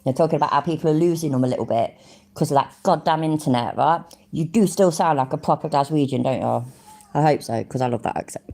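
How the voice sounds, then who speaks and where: A woman's voice: low voice, fast talker, warm tone. A woman from Middle England, chatting casually on a live stream, easily amused and laughing often. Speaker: streamer reacting to videos and chat.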